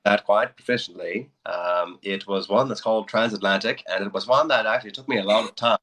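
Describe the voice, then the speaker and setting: A man who is a guest voice actor on a casual livestream, talking in a relaxed, halting way with lots of fillers. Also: on the low side, rough recording.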